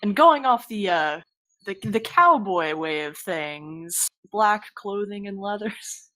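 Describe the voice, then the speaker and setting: A woman's voice: mid-range voice, expressive, slow pace, fairly bright tone. A woman chatting casually as a player at a tabletop game, explaining things.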